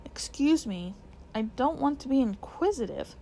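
A woman's voice: high-pitched, expressive, normal speed, creaky, dark tone, slight background noise, low-quality recording. A woman reading aloud, voicing a timid, courteous male faun with old-fashioned manners. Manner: old-fashioned, fussy politeness.

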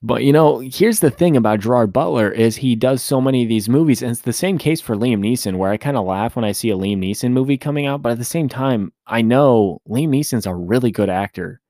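A man's voice: mid-range voice, a little fast, few pauses, warm tone, dry recording, clean studio sound. A man hosting a solo movie podcast, talking casually and rambling as he corrects himself. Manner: chatty, rambling, self-correcting. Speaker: movie review podcast host.

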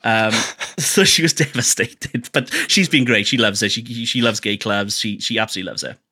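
Bright-voiced man telling stories. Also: on the low side, lively intonation, normal speed, husky. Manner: chatty, self-deprecating, repeats words and restarts, acts out voices in his stories. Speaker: podcast guest. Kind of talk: candid storytelling conversation.

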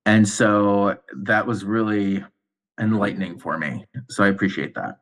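A man's voice: lowish voice, fairly even intonation, a little slow, fairly bright tone. A man co-hosting a podcast, responding in a sincere, appreciative way. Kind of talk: casual conversation.

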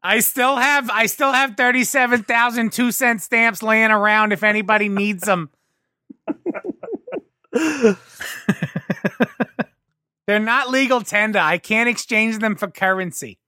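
Chatty podcast cohost rambling thru a diner story, bright voice, dry close mic. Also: mid-range voice, slow, long pauses, no room sound. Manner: rambling storyteller, laughs through anecdotes. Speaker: podcast co-host. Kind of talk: casual chat.

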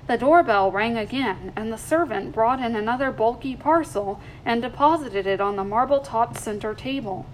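Woman reading a story, higher voice. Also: normal speed, hardly any pauses, a little hiss or hum, poor audio. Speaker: story reader.

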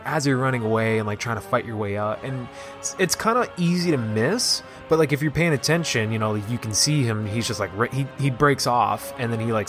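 A man casually recapping a video game story, excited and rambling, with lots of "like" and restarts. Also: medium pitch. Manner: excited, rambling, heavy use of "like". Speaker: gaming video host.

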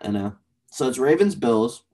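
A young man co-hosting a casual sports podcast, animated and blunt, swearing casually as he argues picks. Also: mid-range voice, normal speed, husky. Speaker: podcast co-host.

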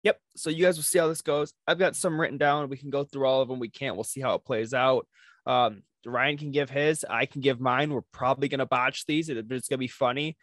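A man's voice: medium pitch, fairly even intonation, brisk, a bit bright, no room sound, clean studio sound. A man co-hosting a podcast, chatting casually and laughing at his own attempts. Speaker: podcast co-host. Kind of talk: casual chat. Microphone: podcast microphone.

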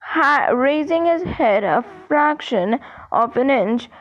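A woman narrating a fantasy audiobook in a measured, steady way. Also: high voice, muffled recording. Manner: measured, steady, with small slips. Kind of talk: audiobook reading.

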